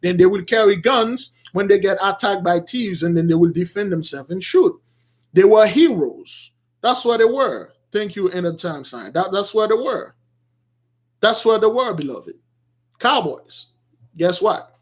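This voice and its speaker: A man preaching to his followers in an emphatic, repetitive way, swinging between shouts and quiet asides. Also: high-pitched, animated, measured pace, husky. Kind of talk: street-style sermon.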